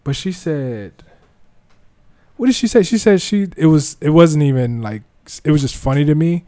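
A comedian guesting on a podcast, telling rambling stories in an animated, casual way. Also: male voice, a little high, normal speed. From United States. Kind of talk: casual chat.

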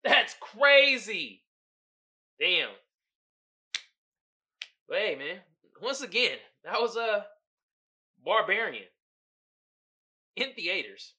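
Bright, animated male podcast host. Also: sits high, very slow, pauses often. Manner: animated, profane storytelling with frequent laughs. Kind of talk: casual podcast movie recap.

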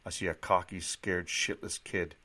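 Man doing a weary Boston psychiatrist, middle-aged, deep voice, earnest, measured lecturing tone. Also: flat delivery, sharp tone. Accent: Boston, put on.

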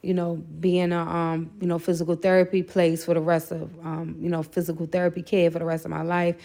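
Earnest woman with a lowish voice. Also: completely flat delivery, fairly quick, mellow. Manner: earnest, candid, heavy use of "you know" fillers. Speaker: podcast guest. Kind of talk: personal faith testimony.

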